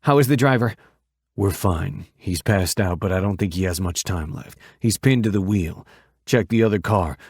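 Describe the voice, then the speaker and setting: A male narrator voicing a rugged biker man who talks low and gruff, tender toward his woman. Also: moderate pace, a little mellow, dry recording, clean studio sound. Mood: urgent. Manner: low, gruff, rough-spoken.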